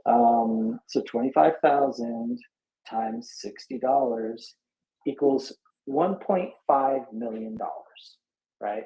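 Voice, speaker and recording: Tired guy with a gravelly dark voice doing rough math out loud, lots of ums and restarts, echoey room. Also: medium pitch. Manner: halting, thinks aloud with many fillers and restarts. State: tired after a sleepless night. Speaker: speaker in a live audio chat room. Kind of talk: casual back-of-envelope reasoning.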